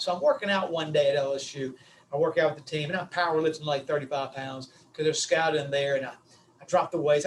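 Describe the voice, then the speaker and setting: Animated high-voiced male storyteller. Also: fairly quick, far from the mic, slight background noise, poor audio. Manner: animated storyteller, swings between loud and quiet. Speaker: speaker. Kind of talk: motivational webinar talk.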